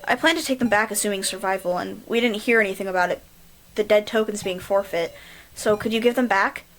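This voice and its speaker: A woman's voice: mid-range voice, a little fast, a little hiss or hum, lightly acted, rough recording. A woman voicing an anxious, desperate young woman, reading her inner thoughts in a tense, pleading way. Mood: urgent.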